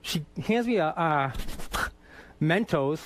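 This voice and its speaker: High-voiced man telling profane stories. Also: animated, slow, a little hiss or hum. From Boston. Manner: profane, self-mocking, acts out quoted dialogue. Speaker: guest singer. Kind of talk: anecdotal storytelling.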